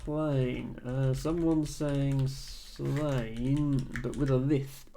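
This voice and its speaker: A man streaming a word game and chatting casually with viewers in a dry, amused way, thinking aloud with soft chuckles and ums. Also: mid-range voice, steady tone, slow pace, vocal fry, a little hiss or hum.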